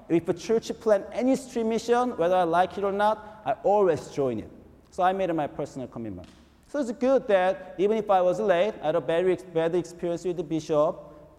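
Male pastor, animated sermon storytelling, high voice, long hall reverb. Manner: animated, repetitive storytelling with frequent rhetorical "right?".

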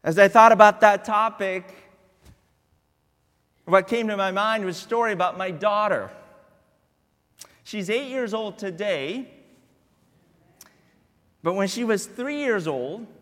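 A man preaching a sermon as a guest pastor in a church, telling a family story with drawn-out, deliberate repetitions. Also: high-pitched, a bit bright, big-room sound. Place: church sanctuary.

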